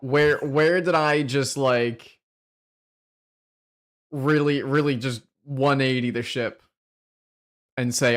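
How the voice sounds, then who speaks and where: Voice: medium pitch, steady tone, slow, pauses often. A card game streamer in casual gaming commentary, swearing freely and picking apart their own misplays in rambling, restarting sentences.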